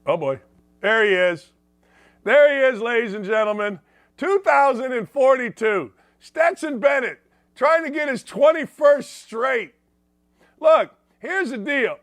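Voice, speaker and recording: A man's voice: very high-pitched, a bit bright, dry recording. A man hosting a sports talk show, giving brash, mocking opinions straight to his viewers.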